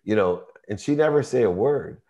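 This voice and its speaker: A man in his fifties, a podcast guest, telling a personal story with emotion and animated, vivid retelling. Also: on the low side, moderate pace.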